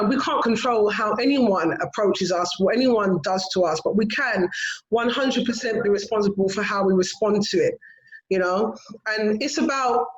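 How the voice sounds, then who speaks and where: A woman author talking reflectively as an interview guest, with many fillers. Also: on the high side. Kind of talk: casual interview chat. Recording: roomy, dull sound.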